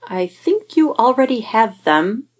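A woman reading a fan story and voicing a calm, formal male government agent. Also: fairly high pitch, measured pace, voice pushed up. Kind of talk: fan fiction audiobook reading.

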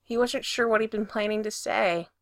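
A woman reading a story aloud with lively, expressive narration that swells when the scene gets exciting. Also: mid-range voice, moderate pace, no echo, studio quality. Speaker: reader.

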